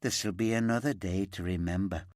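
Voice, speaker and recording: A man's voice: deep voice, moderate pace, a little mellow, no echo, clean studio sound, lightly acted. A man voicing a chatty middle-aged woman shop worker who rambles and gossips. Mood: eager. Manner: gossipy, rambling, eager to help. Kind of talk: audiobook character voice.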